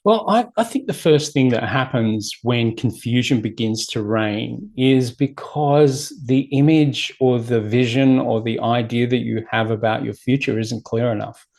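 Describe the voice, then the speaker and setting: A man's voice: mid-range voice, measured pace, vocal fry, few pauses, darkish tone. A man, a personal development coach talking as an interview guest in an emphatic, motivational way, building points through repeated lists.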